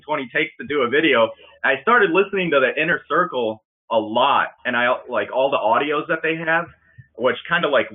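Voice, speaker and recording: A man's voice: mid-range voice, breathy edge. Upbeat rambling man on a tinny line. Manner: rambling, upbeat, laughs often. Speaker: webinar presenter. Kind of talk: casual motivational talk.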